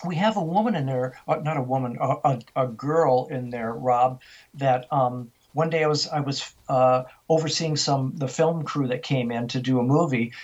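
A middle-aged man, an interview guest, telling a story in animated style and acting out the dialogue he quotes. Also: medium pitch, moderate pace. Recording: dull, lo-fi sound.

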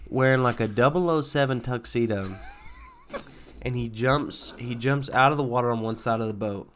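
A man's voice: medium pitch, fairly bright tone. A man co-hosting a podcast, telling a ridiculous story with mock-earnest sincerity in loose, rambling casual chat. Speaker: podcast co-host. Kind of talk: casual chat, absurd tall tales.

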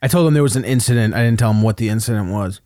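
A man telling a story in casual chat, swearing freely and getting animated. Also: lowish voice, rapid-fire, dry recording, studio quality. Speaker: podcast co-host telling a story.

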